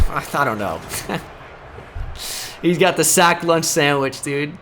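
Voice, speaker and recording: A man commentates his own football video game in a slightly high voice that swings widely in pitch. He jokes around and breaks into shouted play-calls. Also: expressive, slow pace, pauses often. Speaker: gaming video host. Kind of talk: gameplay commentary.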